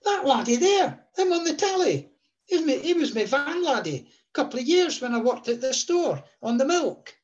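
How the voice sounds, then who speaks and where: A man voicing his loud, boastful older father, telling an outrageous yarn in a raised voice. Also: very high voice, very animated, moderate pace, dull audio, pitched above the performer's own voice. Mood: excited, insistent. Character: boisterous older Scottish dad, yarn-spinner.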